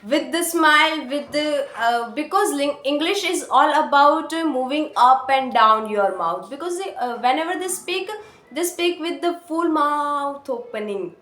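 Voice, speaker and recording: A woman with an Indian accent talking earnestly to her camera, encouraging learners and pausing often on "uh" fillers. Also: high voice, expressive, fairly bright tone. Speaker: English-learning vlogger. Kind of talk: casual talk to camera. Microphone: phone or camera mic. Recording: echoey room.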